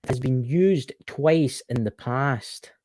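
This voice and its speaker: A man's voice: mid-range voice, slow, warm tone, dry recording. A Scottish man co-hosting a casual live stream, reading history aloud with stumbles and jokey mock outrage. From Scotland.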